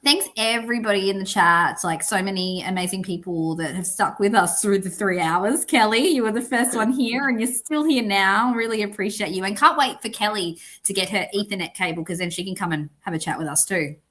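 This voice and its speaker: A woman's voice: mid-range voice, brisk, hardly any pauses, a bit bright. Aussie woman in her 30s hosting a late night livestream, chatty, laughs a lot. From Australia. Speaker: podcast host. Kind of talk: casual livestream chat.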